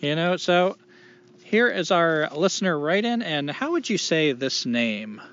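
A man's voice: on the high side, animated, measured pace, a bit bright. A man co-hosting a casual podcast, rambling and swearing freely, poking fun at himself. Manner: rambling, profane, self-deprecating. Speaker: podcast co-host. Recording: dull lo-fi podcast recording.

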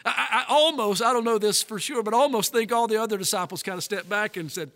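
A male pastor preaching a sermon, emphatic, slowing down and stretching key words. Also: high voice, a bit bright. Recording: long reverb of a large hall.

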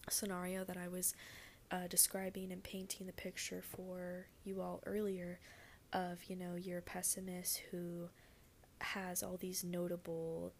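A woman talks through a casual solo podcast from her bed in a lowish voice with a lot of gravelly fry. She rambles earnestly, leaning on "like" and "you know", and swears now and then. A faint hiss sits under her voice. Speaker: podcast host.

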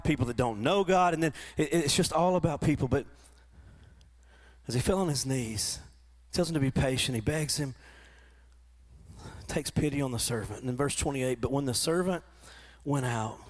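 A man preaching a sermon to his church, often repeating and restarting words, and rising into animated quoted voices. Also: medium pitch. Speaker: pastor. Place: church in front of a congregation.

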